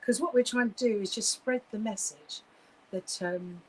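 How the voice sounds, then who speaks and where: A woman's voice: mid-range voice, normal speed, a little mellow, a little hiss or hum, poor audio. A woman giving live psychic readings, gushing and effusive, with many fillers and restarts.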